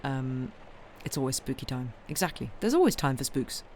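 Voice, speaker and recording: This woman's voice is very deep and very animated, a little mellow, at a normal speed, with slight background noise. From home, she hosts a livestream reading books aloud and chats with viewers in a rambling way, responding to chat with plenty of ums. She says she's tired and yawns.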